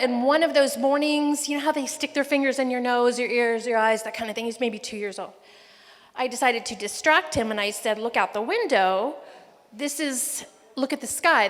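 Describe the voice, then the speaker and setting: In a reverberant wedding reception hall with a long hall echo, the mother of the groom, a middle-aged woman with a fairly high, slightly bright voice, delivers an emotional, rambling speech. She tells a family story while fighting back tears.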